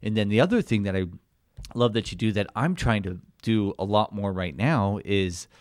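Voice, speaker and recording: A man's voice: on the low side, normal speed, darkish tone, no room sound, clean studio sound. A man hosting a podcast in an encouraging way, summing up his guest's points and acting out quotes with animation. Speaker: podcast host. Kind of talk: casual podcast conversation.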